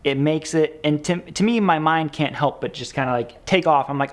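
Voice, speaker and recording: A man's voice: a little high, brisk. Upbeat male guitar teacher. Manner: energetic, upbeat, chatty. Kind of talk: enthusiastic guitar lesson.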